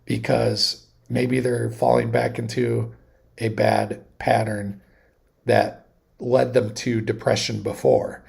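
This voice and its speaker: A man in his thirties hosting a casual livestream, talking in a rambling, animated way with many restarts. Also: mid-range voice, slow pace, creaky, breathy edge. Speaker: livestream host.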